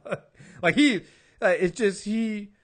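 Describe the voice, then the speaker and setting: A man co-hosting a casual podcast about comic books, retelling stories in an animated way with lots of fillers. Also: high voice, takes it slowly. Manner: animated storyteller, acts out quotes, many fillers. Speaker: podcast co-host. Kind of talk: casual comic book chat.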